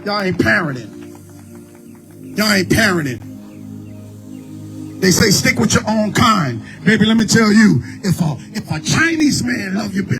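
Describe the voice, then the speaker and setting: A man preaching a fiery street sermon, swinging from low murmurs to shouted pleas. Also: very animated, measured pace, long pauses. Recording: music bed behind the voice.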